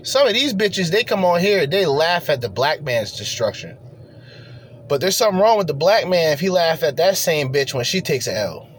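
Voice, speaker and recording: A man's voice: fairly high pitch, sing-song, moderate pace, slight background noise. A man hosting a reaction commentary, ranting in a profane, confrontational way. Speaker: commentary host.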